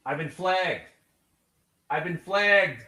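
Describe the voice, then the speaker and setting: A middle-aged man from Brooklyn, New York, with the accent to match, hosts a live day-trading stream in a brash, profane style full of joking asides. His voice is a little high and animated, with a slow pace and a sharp tone.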